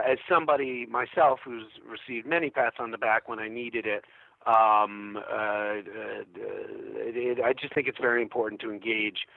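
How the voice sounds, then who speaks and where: A man speaks haltingly, stopping to restart his thoughts. His voice has a gravelly edge, and it comes through dry and tinny, like a phone line. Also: lowish voice, no echo. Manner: halting, full of ums and restarts. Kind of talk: casual interview talk.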